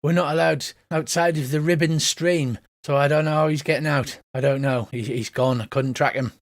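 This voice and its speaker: A man voicing a grieving male displacer beast father with a Cockney accent, speaking haltingly and repeating himself. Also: fairly high pitch, steady tone, lightly acted. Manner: sorrowful, halting and repetitive.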